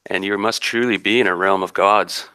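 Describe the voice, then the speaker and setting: A man's voice: low voice, fairly even intonation, normal speed, sharp tone, smooth, dry recording. A man narrating as game master of a tabletop game, rambling and descriptive with many restarts.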